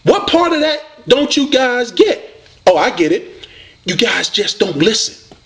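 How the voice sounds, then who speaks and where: A man's voice: very high-pitched, big pitch swings, a little slow, fairly bright tone. A man from the United States, delivering a combative, preachy video rant at a rival debater. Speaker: online debater addressing a rival.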